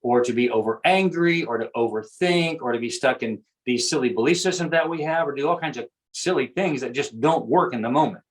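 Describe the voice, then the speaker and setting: Earnest man explaining at an even pitch. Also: brisk, hardly any pauses, rough recording. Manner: repeats phrases, earnest teaching tone. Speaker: guest speaker on self-awareness. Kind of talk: conversational explaining.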